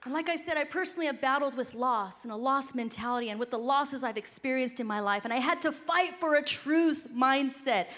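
Woman preacher, energetic exhortative sermon, high voice, bright and forceful. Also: fast, hardly any pauses. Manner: energetic, exhortative, rising to shouts.

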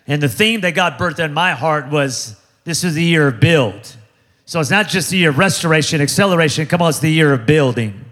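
A guest speaker delivers a sermon in a somewhat high male voice, drawing responses from the congregation and building up to shouts.

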